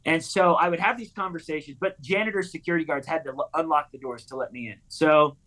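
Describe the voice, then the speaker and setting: A man's voice: on the high side, fast talker. Earnest man retelling a personal story. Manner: earnest, animated retelling with quoted dialogue. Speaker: pastor and author. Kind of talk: personal storytelling in a talk-show interview.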